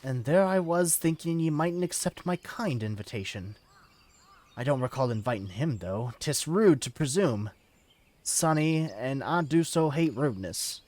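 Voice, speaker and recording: A man doing a mocking rough huntress. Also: a little high, a little slow, long pauses. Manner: drawling, mocking, threatening. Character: menacing rough-spoken female hunter leader. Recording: clear background music.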